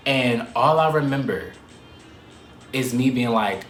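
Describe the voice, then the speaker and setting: A man telling a story to the camera in a casual, animated way, swearing and laughing often. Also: mid-range voice, slow, echoey room, soft background music.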